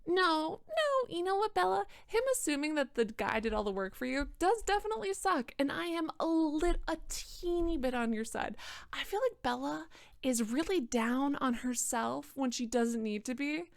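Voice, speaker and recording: A woman's voice: sits high, expressive, moderate pace, creaky, no room sound, studio quality. A tipsy young woman reading a book aloud and roasting it, sarcastic and rambling, often restarting her sentences. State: tipsy from wine. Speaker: book reader and commentator.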